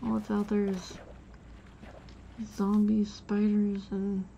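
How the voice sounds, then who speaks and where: A woman with a mellow, soft-edged voice chats casually as a streamer while she plays. She rambles through her stories with plenty of "like" and restarts. The sound is dull and lo-fi, with faint noise under it. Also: mid-range voice, monotone, takes it slowly, creaky. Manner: rambling storytelling full of "like" and restarts. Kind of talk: casual chat while playing a game.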